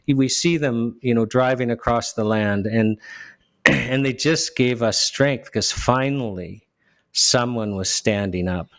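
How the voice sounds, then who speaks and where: A man's voice: medium pitch, no echo. A man talks as an interview guest, earnest and emotional, with a mid-range voice. He often trails off and restarts his sentences. The sound is dry, with no room around it. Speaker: lawyer, guest. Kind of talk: casual interview talk.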